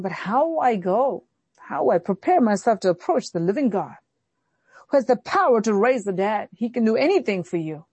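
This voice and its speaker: A woman's voice: fairly high pitch, darkish tone, slightly rough, dry recording. A woman pastor preaching a sermon emphatically, acting out prayers with her voice rising and falling.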